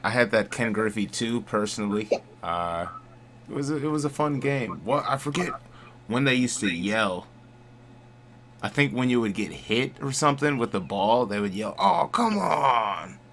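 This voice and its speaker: A man's voice: mid-range voice, animated, normal speed, fairly bright tone, a little hiss or hum. A man hosting a casual gaming podcast, easygoing and steering the talk with questions. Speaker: podcast host.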